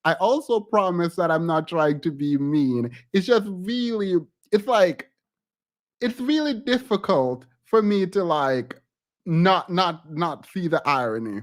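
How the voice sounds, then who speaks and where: A man with a high voice chats slowly through celebrity gossip for his channel. His pitch swings widely as he giggles, hesitates and restarts his sentences. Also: animated. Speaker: YouTube commentator. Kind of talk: casual celebrity gossip commentary.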